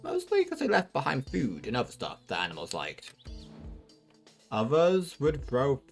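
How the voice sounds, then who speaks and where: A man playing a grand male storybook narrator, reading slowly and loudly in a theatrical manner. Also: mid-range voice, wildly swooping pitch, creaky, soft background music, voice pushed up, exaggerated voice.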